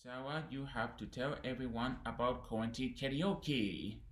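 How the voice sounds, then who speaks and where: A man's voice: medium pitch, moderate pace. Interview host, man, mid-range voice, brief prompts.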